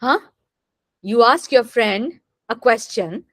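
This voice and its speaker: A woman's voice: on the high side, no room sound. A woman teacher, giving a classroom lecture and often asking the students whether they follow. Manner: deliberate, asks rhetorical questions to check understanding. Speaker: literature teacher.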